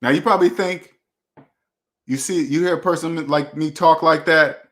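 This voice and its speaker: A man delivers a casual monologue as a finance channel host, with a fairly high-pitched voice. He talks bluntly in loose street slang and preaches at the viewer. He hammers his points by repeating the same phrases again and again. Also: fairly even intonation, normal speed.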